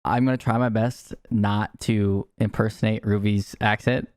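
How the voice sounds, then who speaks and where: A man's voice: on the low side, steady tone, moderate pace, darkish tone, clean tone, no echo, studio quality. A man co-hosting a podcast, chatting casually with joking, teasing asides. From northern United States. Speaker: podcast co-host. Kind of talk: casual chat.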